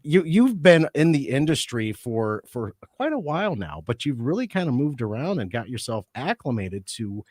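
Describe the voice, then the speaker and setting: A man's voice: medium pitch, very animated, normal speed, hardly any pauses, a little mellow, dry recording. A man co-hosting a podcast from a studio, upbeat and jokey in casual chat. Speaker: podcast co-host.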